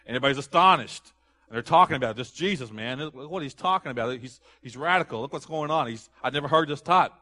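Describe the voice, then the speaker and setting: A man preaching a sermon, animated, asking the congregation to fill in words and acting out the people in the story. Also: fairly high pitch. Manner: animated, acts out quoted voices, rising to loud exclamations; asks the audience questions and lets them fill in words. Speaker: pastor.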